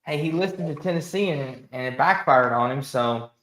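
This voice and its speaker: A man hosting a casual sports talk show, ranting emphatically and talking with animated energy. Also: mid-range voice, normal speed, echoey room, rough recording. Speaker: host.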